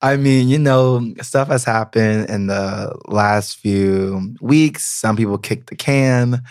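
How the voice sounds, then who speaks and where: A man's voice: lowish voice, slow, a little mellow, clean tone, dry recording, studio quality. A man co-hosting a podcast in casual chat, teasing and laughing often. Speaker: podcast co-host.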